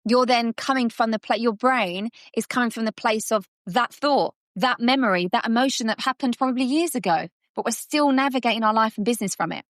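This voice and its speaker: A woman guest on a podcast, a subconscious coach who explains ideas in a lively way and acts out little scenes. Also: a little high, brisk, few pauses, no echo, clean studio sound. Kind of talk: conversational coaching talk.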